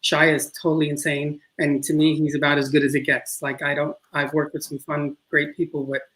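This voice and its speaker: A man's voice: on the high side, completely flat delivery, a little fast, a bit bright, poor audio. A middle-aged man with a New York accent, a filmmaker talking casually in an interview, rambling with many restarts. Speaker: filmmaker guest.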